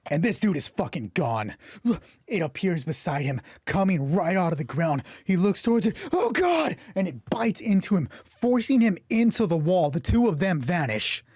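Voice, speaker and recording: A man narrating and rolling dice for a solo tabletop game stream, excitable and swearing freely, his voice getting hoarse. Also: on the high side, moderate pace, no echo, clean studio sound. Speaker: game master.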